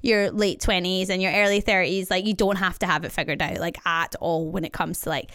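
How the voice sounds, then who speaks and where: A young woman co-hosting a podcast in casual chat, animated and quick to mimic other people's voices. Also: on the low side, clear, resonant tone, no room sound, clean studio sound. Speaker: podcast co-host, presenter.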